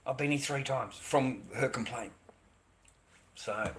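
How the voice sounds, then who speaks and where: A middle-aged Australian man speaks slowly in a mid-range voice during a rambling live-stream monologue. He sounds bitter and profane and keeps repeating himself.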